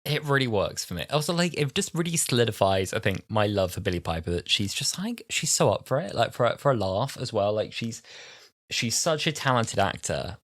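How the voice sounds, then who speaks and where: This is a young man in his twenties chatting on a podcast. He has a low voice, recorded dry and close. He rambles along with lots of "like" and "you know". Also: big pitch swings, brisk, a bit bright, no echo. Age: 20s. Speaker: podcast co-host. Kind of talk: casual chat.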